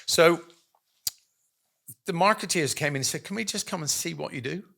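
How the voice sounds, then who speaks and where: Animated male storyteller in business chat. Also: fairly high pitch, moderate pace, gravelly. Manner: animated storyteller, acts out quotes, many ums. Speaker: guest.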